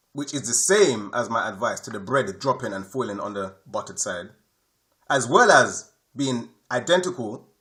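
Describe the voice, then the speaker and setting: A man's voice: mid-range voice, pushed and bright. A man giving a spiritual lesson, repeating his points emphatically and checking in with his listeners. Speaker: spiritual teacher. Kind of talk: explanatory spoken lesson.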